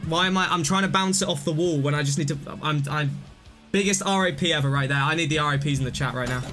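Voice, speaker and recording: A young man streaming live gameplay commentary, rambling and mocking his own mistakes, now and then bursting out excitedly. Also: on the high side, quick pace, faint music behind.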